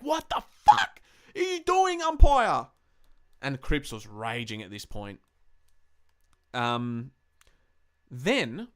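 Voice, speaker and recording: A man's voice: medium pitch, fairly bright tone. A young Australian man hosting a live-stream football match review, heated and sweary as he rants about the game. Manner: heated, sweary, ranting fan commentary. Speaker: podcast host.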